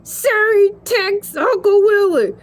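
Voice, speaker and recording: A woman's voice: extremely high pitch, slow. A woman voicing a goofy, rambling male shark celebrity who giggles and stretches his words out in a comedic monologue. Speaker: show guest.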